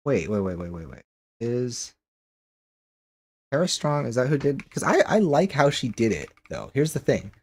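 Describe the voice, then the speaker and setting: A man's voice: medium pitch, big pitch swings, normal speed, pauses often, a little mellow, breathy edge. A man streaming a game and chatting casually with viewers, rambling with lots of restarts and questions.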